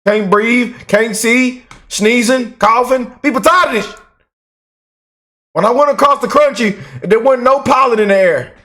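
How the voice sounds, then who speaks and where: A man hosting his own channel, ranting in animated, repetitive, emphatic political commentary. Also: very high voice, moderate pace, few pauses.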